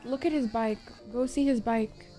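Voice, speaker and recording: A woman's voice: on the high side, normal speed, warm tone, soft background music. A young woman from Egypt giving casual reaction commentary on an anime, exasperated, swearing and venting at the characters.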